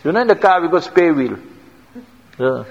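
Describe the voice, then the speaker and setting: High-voiced South African man preaching in a hall. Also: expressive, normal speed, vocal fry. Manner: anecdotal, repetitive, non-standard grammar. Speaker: Islamic preacher. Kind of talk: sermon with storytelling. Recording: reverberant hall, dull lo-fi sound.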